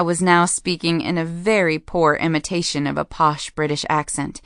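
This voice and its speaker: A woman's voice: low voice, steady tone, normal speed, few pauses, a bit bright, clean tone, no room sound, clean studio sound. A woman narrating a first-person romance audiobook in a wry, playful storytelling manner.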